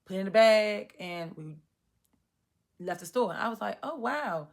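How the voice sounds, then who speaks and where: A woman in her thirties telling a personal story to the camera, animated and acting out her own past reactions. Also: medium pitch, moderate pace. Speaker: vlogger. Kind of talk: storytime monologue.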